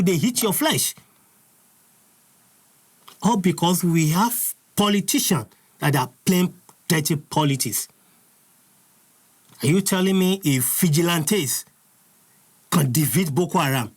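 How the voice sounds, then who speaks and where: A man's voice: high voice, husky. A Nigerian man hosting an impassioned commentary, furious and preaching, repeating his points. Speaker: host.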